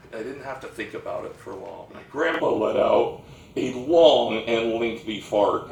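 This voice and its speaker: A man performing a comic storytelling monologue on a theatre stage, with slow, deliberate delivery. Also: medium pitch, slight background noise. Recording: roomy stage sound from a distant mic.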